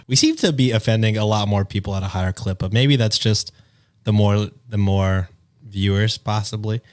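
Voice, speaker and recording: A man's voice: lowish voice, very animated, unhurried, long pauses. Joking man co-hosting a podcast. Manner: joking, self-deprecating, laughing. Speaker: podcast co-host. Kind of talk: casual podcast chat.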